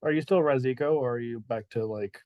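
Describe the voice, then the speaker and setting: Brief: man game master, mid-pitched, dry close sound, easygoing and chatty. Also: fairly quick, no room sound, muffled recording. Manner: laid-back, laughs often, many "like" fillers. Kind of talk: narrating a tabletop game.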